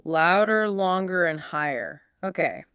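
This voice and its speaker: Woman co-host asking eager questions, smooth voice, dry close sound. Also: fairly low pitch, animated, measured pace, fairly bright tone, no echo. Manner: curious, asks follow-up questions. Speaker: podcast co-host. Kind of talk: scripted teaching dialogue.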